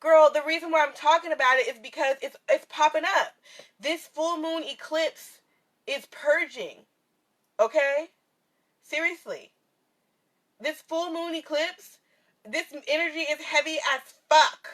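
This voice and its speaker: Speaking from her van in bright sunlight, a woman vlogger and spiritual reader opens up to her viewers in a casual, heartfelt livestream, crying at times, swearing freely and laughing often. Her voice sits high, with a measured pace and a fairly bright tone.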